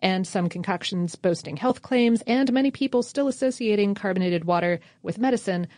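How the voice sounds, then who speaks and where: A woman's voice: medium pitch, brisk, a little mellow, no echo, studio quality. A woman co-hosting a casual history podcast, reading out facts with wry offhand asides. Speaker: podcast co-host.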